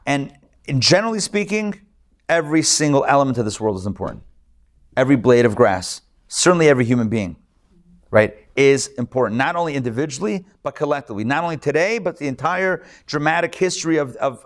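Rabbi giving a chatty live class. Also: male voice, medium pitch, expressive, brisk. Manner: conversational, with jokes and asides to the group. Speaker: rabbi teaching a weekly class. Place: live class with an in-person and online group.

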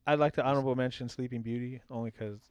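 A man's voice: mid-range voice, fairly even intonation, racing, clean tone, dry recording, dull audio. A man co-hosting a podcast in casual chat, rambling with restarts and heavy swearing. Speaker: podcast co-host.

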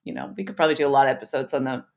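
A woman with a low, deep voice hosts a podcast in loose, casual conversation. She rambles through her points and laughs often between thoughts. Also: steady tone, rapid-fire. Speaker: podcast co-host.

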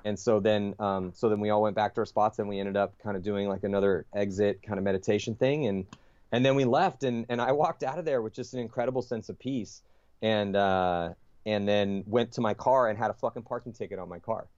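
Low-voiced man telling a rambling story. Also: brisk, a little mellow, no room sound, muffled recording. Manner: profane, rambling, lots of fillers and restarts. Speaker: podcast guest. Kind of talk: casual storytelling.

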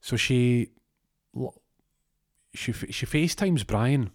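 A man's voice: medium pitch, lively intonation, slow, no echo, clean studio sound. A man telling a comic story in a rambling way, with stammering restarts.

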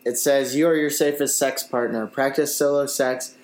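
A man's voice: mid-range voice, normal speed. Young male co-host, mid voice, joking and casual, recorded in an echoey room. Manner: relaxed, joking, swears casually. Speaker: podcast co-host. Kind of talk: casual chat.

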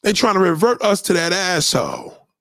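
A man's voice: high voice, wildly swooping pitch, moderate pace, vocal fry, a bit bright, no echo, clean studio sound. A man delivering a blunt, heated, profane rant to his followers, repeating his points. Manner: blunt, heated, repetitive, swearing. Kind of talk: profane ranting monologue to followers.

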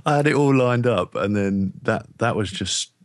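A man's voice: fairly low pitch, expressive, moderate pace, no room sound. An English man co-hosting a podcast, rambling and laughing at himself in casual chat. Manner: laughing, rambling, self-mocking. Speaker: podcast co-host.

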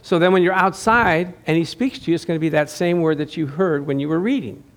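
High-voiced conversational male pastor. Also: a little fast. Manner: conversational preaching with rhetorical questions; repeats and restarts phrases. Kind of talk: sermon.

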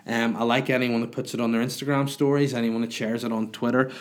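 A comedian hosts his own solo podcast, chatting casually and answering listener questions. He talks fast, with a medium-pitched voice and a level tone.

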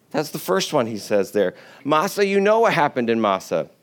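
Male preacher, relaxed conversational sermon, slips into playful complaining voices. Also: mid-range voice, a little fast. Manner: storytelling, acts out complaining voices in paraphrase; chatty, joking with the congregation. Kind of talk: casual sermon.

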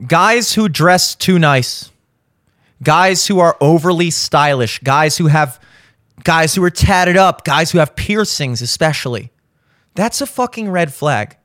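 A man's voice: a little high, expressive, a little slow, fairly bright tone, no room sound, clean studio sound. A man hosting a show, ranting bluntly about relationships with heavy swearing and insistent repetition. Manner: insistent, repeats points for emphasis. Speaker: show host. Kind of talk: blunt opinion monologue.

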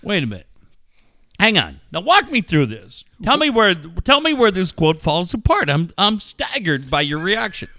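A man's voice: high-pitched, big pitch swings, normal speed, pushed and bright, dry recording, clean studio sound. A man who hosts sports radio, casually telling a profane story and acting out quotes. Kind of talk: casual podcast banter.

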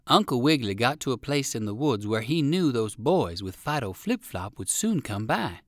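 A man reading a children's storybook aloud with warm, expressive storytelling. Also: mid-range voice, dry recording, clean studio sound. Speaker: reader. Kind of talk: storybook narration.

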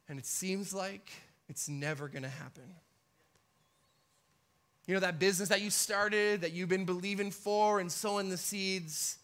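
A passionate preacher gives a sermon, voicing the people he quotes and performing their pleas with ever-rising intensity. He has a high-pitched, slightly bright voice.

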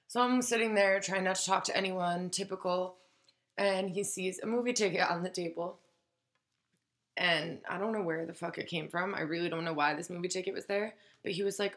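A woman's voice: on the low side, steady tone, a little fast, a bit bright. A woman casually telling a story, acting out the quoted voices and swearing freely.

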